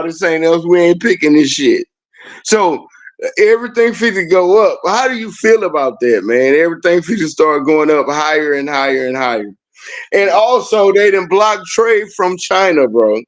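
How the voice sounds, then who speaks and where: A man hosting a casual chat, telling stories animatedly and laughing often. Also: high voice.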